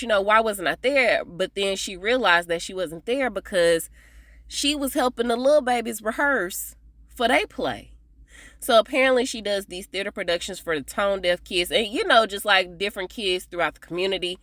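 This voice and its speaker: A woman recapping a TV episode in a casual, chatty way, animated and often laughing as she talks to her viewers. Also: mid-range voice, no echo. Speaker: TV episode reviewer.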